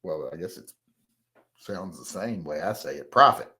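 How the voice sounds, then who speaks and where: A man's voice: deep voice, expressive, normal speed, sharp tone. Southern accent guy rambling thru viewer comments on his podcast, blunt, folksy, lots of uhs. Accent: Southern American. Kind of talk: casual solo podcast chat.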